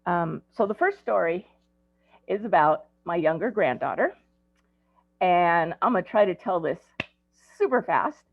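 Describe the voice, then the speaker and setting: Gravelly woman in her sixties, tinny. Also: fairly low pitch, expressive, a little slow, long pauses, no echo. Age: 60s. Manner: conversational, storytelling with frequent ums. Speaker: ADHD coach. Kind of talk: presentation to parents. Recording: tinny phone-like dry audio.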